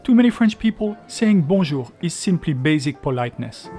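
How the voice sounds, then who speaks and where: In a travel video, a male host delivers scripted narration in a lively, explanatory way, with faint music behind him. His voice is a little high.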